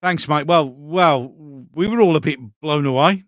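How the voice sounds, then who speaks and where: A man's voice: on the high side, slow, no echo, clean studio sound. A man hosting a live stream in a loose, conversational way, reading out viewer comments and answering them as he goes. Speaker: livestream host reading viewer chat.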